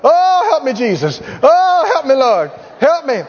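Whiny, pleading, worn-out churchgoer done by a male preacher; high and drawn out, dull echoey recording. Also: wildly swooping pitch, unhurried, heavily acted. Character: struggling weary male churchgoer, groaning. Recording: echoey hall, dull lo-fi sound.

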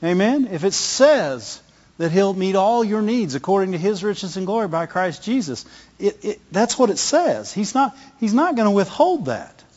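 A man's voice: high-pitched, sing-song, normal speed, a little mellow. A middle-aged male pastor giving a conversational sermon, often repeating words and asking the congregation "Amen?". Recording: long hall reverb, dull lo-fi sound.

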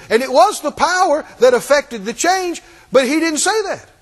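A man preaches with a strikingly high, animated voice, hammering phrases through repetition and asking the congregation to answer back. His pitch swings widely as he presses each point. The sound carries a long reverb from a large hall. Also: moderate pace, few pauses. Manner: emphatic, repetitive, call-and-response. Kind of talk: sermon.

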